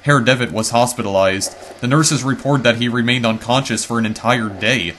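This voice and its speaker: A man's voice: medium pitch, normal speed, fairly bright tone, a little hiss or hum, lightly acted. A man reading a grave, formal investigator. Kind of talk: reading game text aloud.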